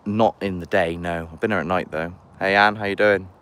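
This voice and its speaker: A man's voice: deep voice, steady tone, fairly quick, a bit bright, clear, resonant tone. A man chatting casually on a live stream outdoors by a castle, rambling and greeting viewers as he walks. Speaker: paranormal investigator streaming live.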